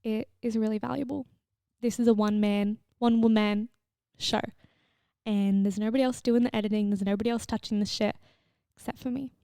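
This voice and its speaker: A woman's voice: mid-range voice, fairly even intonation, fairly quick, mellow, smooth, no room sound, clean studio sound. A young woman hosting her own podcast, giving a frank, swearing, affectionate pep talk while tearful and emotional. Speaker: podcast host. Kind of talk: solo motivational podcast talk.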